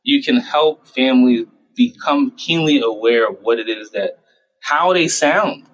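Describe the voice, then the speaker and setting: Animated man explaining casually. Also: mid-range voice, poor audio. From United States. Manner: animated, acts out parents and himself in quick voices. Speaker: child and adolescent psychiatrist. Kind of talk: conversational interview answers.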